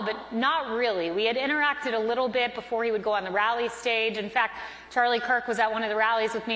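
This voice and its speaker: A woman in her thirties speaks from a conference stage, earnestly telling a personal story and acting out the lines of the people in it. Her voice sits a little high. The sound rings through a large hall with a long reverb tail. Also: fairly bright tone. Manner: earnest storytelling with quoted dialogue.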